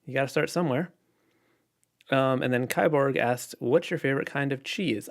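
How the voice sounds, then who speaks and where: Relaxed rambling man on a livestream. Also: medium pitch, normal speed. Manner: relaxed and rambling, many fillers and restarts. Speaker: illustrator livestreaming. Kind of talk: casual livestream chat answering viewer questions.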